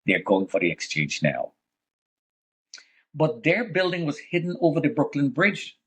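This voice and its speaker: A man's voice: fairly high pitch, huge pitch swings, a little slow, breathy edge. A man recounting his own survival story in a vivid, dramatic way, with religious conviction. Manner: vivid, dramatic retelling that swings between hushed and loud. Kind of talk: emotional first-person storytelling.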